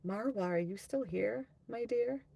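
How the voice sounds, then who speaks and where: A woman's voice: a little high, unhurried, creaky, dark tone, a little hiss or hum. A woman in her thirties from the United States, chatting bluntly and profanely on a livestream tarot reading, reading out chat comments and laughing often. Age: 30s.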